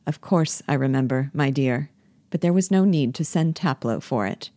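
A woman reading the part of a prim, complacent schoolmaster who speaks gently and formally. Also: extremely low pitch, animated, normal speed, no echo. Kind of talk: play reading.

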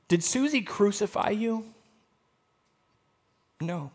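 A male pastor preaching a sermon, expressive and swinging between loud and hushed. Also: high-pitched, normal speed.

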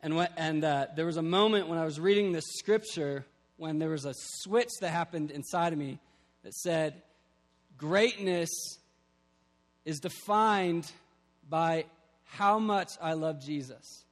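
A man's voice: a little high, measured pace. Earnest young male preacher, reverberant hall. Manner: earnest, builds to emphatic peaks. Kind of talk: sermon.

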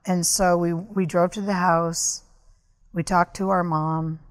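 Woman guest, slightly low voice, earnest storyteller for a podcast interview. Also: flat delivery, slow. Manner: candid, earnest, recounting events at length. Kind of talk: personal storytelling in conversation.

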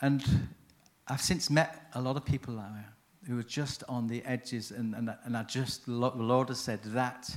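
Man, seminar speaker, mid-pitched, chatty storyteller who keeps restarting his sentences. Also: steady tone, moderate pace, few pauses. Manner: chatty, self-interrupting, anecdotal. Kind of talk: conference talk with storytelling.

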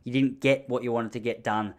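A man telling an embarrassing story from his youth in an animated, self-mocking way. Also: a little fast. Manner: animated, self-mocking, jumps into high panicky voices for his younger self. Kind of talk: comic storytelling.

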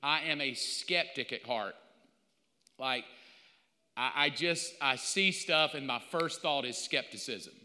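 Animated male pastor preaching in a hall. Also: mid-range voice, slow. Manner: animated storytelling with mock quotes. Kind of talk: sermon.

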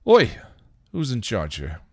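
Reader doing a brash vampire, deep and snarling. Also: male voice, animated, normal speed, darkish tone, no room sound, clean studio sound. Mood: defiant. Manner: cocky, snarling.

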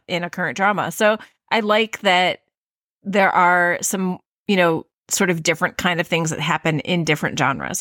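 A woman's voice: sits low, fairly bright tone, dry recording, clean studio sound. Playful, thoughtful woman co-host. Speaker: podcast co-host. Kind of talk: casual chat.

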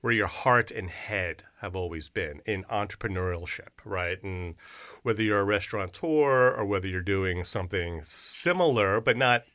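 A man co-hosting a podcast, talking in an animated, casual way with lots of slang and hype. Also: on the low side, moderate pace. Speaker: podcast co-host.

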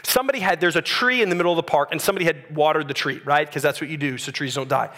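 A man, preaching a sermon as a pastor and telling a story in a conversational, animated way. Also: a little high, rapid-fire.

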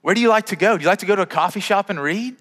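Guy pastor preaching, kinda high voice, chatty, stumbles on his words a lot, big echoey hall. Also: racing, fairly bright tone. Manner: conversational, repeats words when starting sentences. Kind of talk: sermon.

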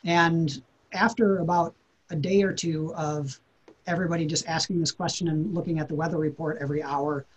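A man's voice: fairly high pitch, fairly even intonation, brisk, slightly rough, low-quality recording. A man, a podcast guest, telling a personal story in an earnest, reflective way, often repeating words as he thinks.

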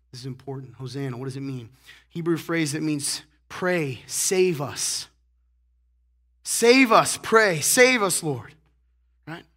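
Male pastor, slightly high voice, playful and animated, throat-clearing habit. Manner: joking, animated, acts out characters. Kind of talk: sermon.

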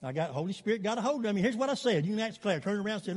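An older man, preaching a sermon as pastor, telling stories in an animated way and chuckling between lines. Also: high-pitched, rapid-fire, in a large hall.

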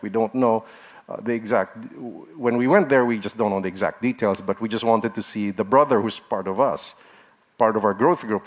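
A man preaching a sermon in an earnest, exhorting manner, his voice rising sharply at points of emphasis. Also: fairly low pitch. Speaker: pastor.

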